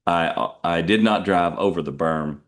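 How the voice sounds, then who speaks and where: A middle-aged man, a truck driver hosting a podcast, telling stories in a rambling, self-deprecating way with many restarts. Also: measured pace. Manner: puts on jumpy high voices when quoting people. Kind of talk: casual storytelling monologue.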